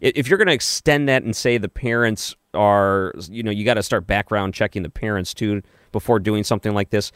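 A man with a low voice hosts late-night talk radio from a dry studio. He muses casually, restarting sentences and weighing points with mild skepticism. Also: a little fast, few pauses, clean tone, no room sound. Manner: conversational, many restarts, calmly skeptical. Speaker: radio talk show host. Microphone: studio microphone.

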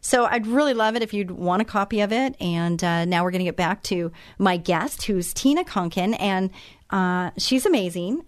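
A woman's voice: medium pitch, no room sound. Middle-aged woman radio host, chatty and rambling, close dry studio sound. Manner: chatty, with fillers and restarts. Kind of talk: casual radio talk.

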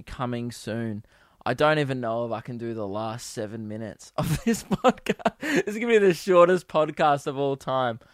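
A man's voice: mid-range voice, dry recording, studio quality. A young man, hosting a casual solo podcast, rambling and giggly with lots of fillers. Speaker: podcast host and comedian.

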